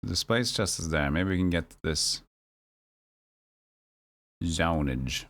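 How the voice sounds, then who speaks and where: A man streaming a video game, muttering his thoughts aloud in a relaxed way. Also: low voice, slow pace.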